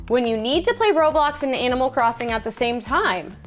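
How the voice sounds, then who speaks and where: High-voiced young woman reacting chattily. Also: expressive, brisk, faint music behind. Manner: chatty, reminiscing, easily amazed. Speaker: reaction video host. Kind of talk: casual reaction commentary.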